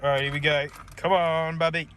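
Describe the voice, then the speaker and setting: A man's voice: fairly high pitch, level tone, brisk, background noise. A man with an Australian accent chatting casually and coaxing his old car along as he works on it. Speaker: vlogger. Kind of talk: casual talk while working on an old car.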